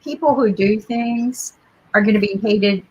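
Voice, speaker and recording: Husky and darkish in tone, a middle-aged woman's mid-range voice moves unhurriedly through a lo-fi recording. As a podcast co-host in casual conversation, she reflects on stories and keeps checking in with listeners.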